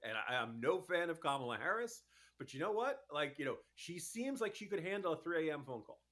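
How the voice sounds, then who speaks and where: A man speaking as a commentator guest on a talk radio interview, arguing his case in a fast, exasperated, emphatic way. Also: a little high, big pitch swings, fairly bright tone.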